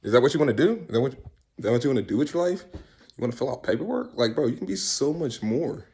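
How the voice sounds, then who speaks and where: A man rambling in a casual comic monologue, swearing and arguing with himself in quick back-and-forth. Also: medium pitch, very animated, darkish tone. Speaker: vlogger.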